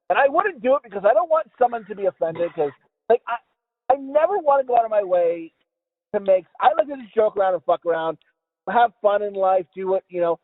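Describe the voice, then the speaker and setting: A man's voice: high-pitched, no echo. A man hosting a podcast in crude, casual chat, rambling, swearing and laughing a lot. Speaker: podcast host. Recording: dry, tinny phone-like sound.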